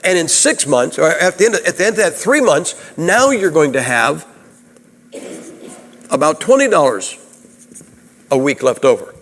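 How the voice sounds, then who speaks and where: Man, Baptist preacher, folksy sermon, fairly high voice, long church reverb. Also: big pitch swings, normal speed, long pauses, a bit bright. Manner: folksy, conversational, asks the audience questions. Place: church sanctuary.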